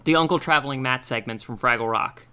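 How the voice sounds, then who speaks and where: A man's voice: medium pitch, a little fast, sharp tone, clear, resonant tone. A man co-hosting a podcast, chatting casually in a playful, rambling way. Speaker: podcast co-host. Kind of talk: casual chat.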